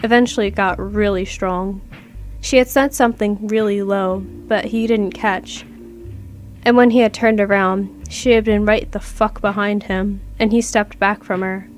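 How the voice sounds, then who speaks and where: A woman's voice: mid-range voice, fairly even intonation, a little slow, soft background music. A woman narrating a first-person horror story aloud in a casual, conversational way, with plenty of swearing. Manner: casual, profane, conversational reading. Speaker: creepypasta narrator.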